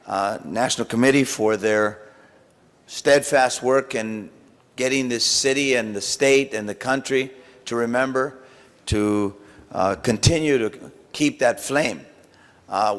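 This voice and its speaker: A man of middling pitch addresses a large council chamber in a solemn, deliberate way. He pauses often, and long reverb hangs after his words. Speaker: city council member. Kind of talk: formal council speech.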